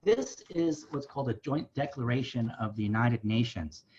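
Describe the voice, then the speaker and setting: A man's voice: medium pitch, expressive, normal speed, a little mellow, dull audio, a little hiss or hum. A man giving a virtual history lesson at a library site, talking conversationally and often checking in with his listeners. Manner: conversational, often asks "right?". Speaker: museum educator. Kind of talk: virtual site visit talk.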